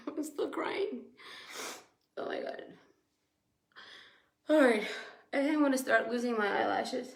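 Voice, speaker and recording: A high-voiced woman with a bright, sharp tone, talking on a casual live stream as a weight-loss coach. She rambles emotionally, sounding teary and a little hoarse from crying, and laughs often. The room around her is echoey. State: teary, sore throat from crying.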